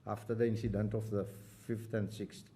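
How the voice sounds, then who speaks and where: A man's voice: on the low side, little pitch movement, moderate pace, dark tone. A commissioner at an inquiry questioning a witness in a hesitant way, restarting and apologizing as he goes. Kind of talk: formal questioning.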